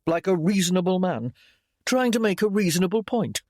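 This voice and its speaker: A man's voice: high voice, expressive, brisk, a little mellow, no echo, clean studio sound, pitched above the performer's own voice. A man voicing a protective young nobleman in an audiobook, firm and reasonable in tone. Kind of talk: audiobook character voice.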